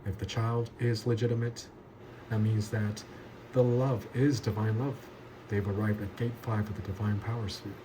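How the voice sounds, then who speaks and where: A man's voice: fairly low pitch, level tone, moderate pace. Emphatic man teaching a Bible lesson. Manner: emphatic, repeats key words for stress. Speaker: pastor. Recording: noticeable background ambience noise.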